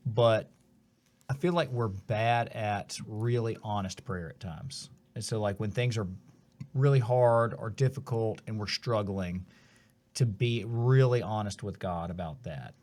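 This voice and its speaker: A man's voice: fairly low pitch, a little slow, darkish tone. A man hosting a casual faith discussion, earnest and reflective, often restarting his sentences.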